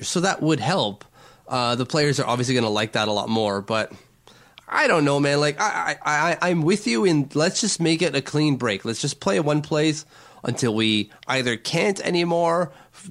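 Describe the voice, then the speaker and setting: A man's voice: on the high side, a bit bright. A man co-hosting a casual sports podcast, rambling and restarting his sentences often. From not from Long Island. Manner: rambling, self-correcting, stammers on restarts. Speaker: podcast co-host.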